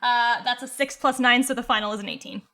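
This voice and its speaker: A woman player at a tabletop game, quick and checking details aloud. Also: on the high side, fairly even intonation, pushed and bright, slight background noise.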